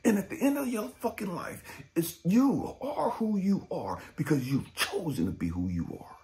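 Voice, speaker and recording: A man giving a profane motivational talk as a life coach, blunt and intense, swinging between loud urging and low muttering. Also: sing-song, normal speed. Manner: blunt, heavy swearing, drill-instructor intensity.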